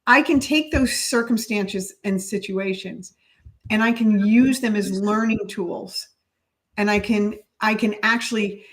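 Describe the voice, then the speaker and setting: A woman's voice: mid-range voice, poor audio. A middle-aged woman speaking as a podcast guest in earnest, reflective casual conversation. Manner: earnest, reflective, spiritual in outlook.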